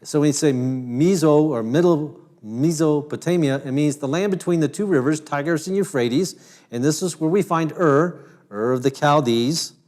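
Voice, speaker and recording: A man's voice: a little high, normal speed, darkish tone. A man from Ohio giving a lecture to camera as host, talking in a conversational way with frequent restarts. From Ohio, United States.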